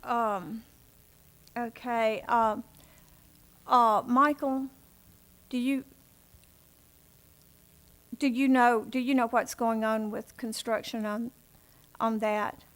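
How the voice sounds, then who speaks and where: Woman chairing a public meeting, flat tone. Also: fairly high pitch, slow, pauses often. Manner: polite, formal procedural phrasing. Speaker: planning commission chair. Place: city council chambers.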